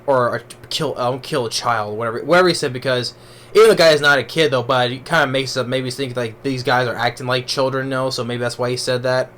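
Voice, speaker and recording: Male movie reviewer, mid-pitched, loose rambling delivery full of restarts, faint background noise. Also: steady tone, fast talker, a bit bright. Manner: rambling, with many restarts and fillers. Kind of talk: casual spoken movie review.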